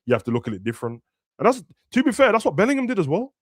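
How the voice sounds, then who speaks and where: A man's voice: high voice, sing-song, racing, no echo, clean studio sound. A young man, chatting casually about football and acting out players' words in slangy talk. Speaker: football podcast host. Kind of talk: casual chat.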